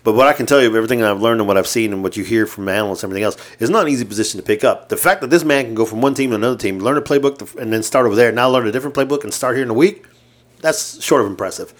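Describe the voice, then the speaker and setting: A man co-hosting a casual sports podcast, swearing a lot, excitable and laughing often. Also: medium pitch, very fast. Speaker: podcast co-host.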